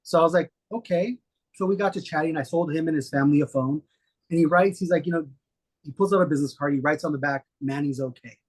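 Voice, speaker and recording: A middle-aged man, a guest, telling stories in a relaxed, rambling way with many fillers. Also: fairly high pitch, quick pace. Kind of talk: casual storytelling interview.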